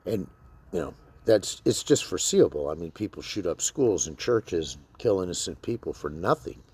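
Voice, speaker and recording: A man's voice: low voice, big pitch swings, moderate pace, darkish tone, husky. A man and military veteran talking bluntly to camera in a rambling, profane monologue full of fillers.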